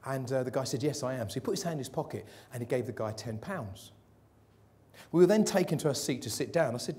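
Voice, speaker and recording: Lively male keynote speaker, fairly high voice, animated and jokey, quizzes the crowd. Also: brisk. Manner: lively, jokey, asks the audience questions. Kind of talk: motivational keynote talk to a live audience. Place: event hall with an audience.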